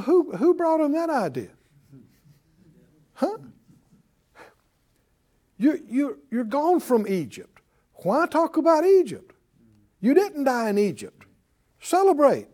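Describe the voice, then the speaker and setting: A man preaching to a Bible class, calling out for responses and swinging between loud and soft. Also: sits high. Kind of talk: lively sermon teaching.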